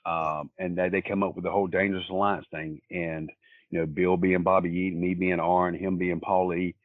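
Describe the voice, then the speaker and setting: Low-pitched male interview guest, rambling storyteller, tinny phone-line sound. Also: little pitch movement, moderate pace, no echo. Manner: rambling, plain-spoken storyteller. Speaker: wrestler guest. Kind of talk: casual anecdotal storytelling.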